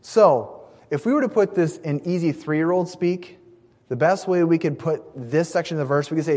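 Earnest preacher in a reverberant hall. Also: male voice, on the high side, normal speed, warm tone. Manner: earnest, emphatic, with small restarts. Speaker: pastor. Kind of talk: sermon.

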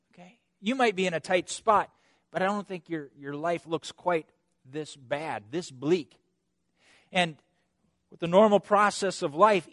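A man delivers a sermon with lively energy, putting rhetorical questions to his listeners and chuckling as he goes. His voice sits fairly high for a man, and the recording is dry and close. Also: dry recording. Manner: animated, rhetorical questions, chuckles between points. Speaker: preacher. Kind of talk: expository sermon.

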